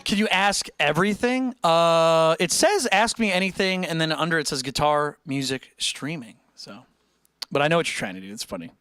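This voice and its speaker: Young male streamer, casual, jokey, lively pitch, dry close mic. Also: clear, resonant tone, no echo, faint music behind. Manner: rambling, joking, quick to laugh. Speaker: music livestream host. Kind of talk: casual chat with live chat.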